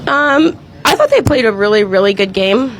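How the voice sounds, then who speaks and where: A woman's voice: fairly high pitch, lively intonation, moderate pace, rough recording. A woman guest recounting her team's game hesitantly, with many ums and you-knows. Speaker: guest player. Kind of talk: casual chat.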